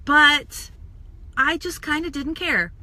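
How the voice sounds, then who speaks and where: A woman chats casually on a live stream, talking straight to her viewers with lots of energy. Her voice sits a little high and sounds very bright. She sounds like she is close to a phone or webcam mic. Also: slow. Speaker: social media coach and makeup seller.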